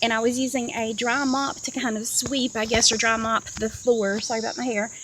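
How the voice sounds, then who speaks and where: A chatty woman with a slightly high voice tells a long story in a rambling way. She is sitting in a parked car and talks into a handheld phone camera. Faint hiss and insect noise sit behind her voice. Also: flat delivery, a little fast, a bit bright, rough recording. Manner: chatty, rambling, many fillers and asides. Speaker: vlogger sharing dreams. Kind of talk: casual storytelling vlog. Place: inside a parked car on a hot day.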